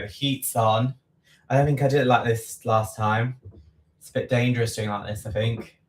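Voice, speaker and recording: A man with a medium-pitched, fairly bright voice hosts a baking livestream, chatting casually as he bakes. He rambles, corrects himself mid-sentence, and tosses in chatty asides. Sitting back from the mic, he sounds echoey in his home kitchen, with faint background noise and clicks underneath.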